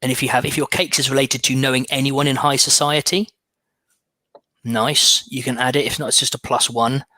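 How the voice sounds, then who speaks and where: A male game master narrating a tabletop adventure, often stopping to restart and repeat words. His voice is bright and clear at a middling pitch, recorded close and dry. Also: level tone, moderate pace, no room sound.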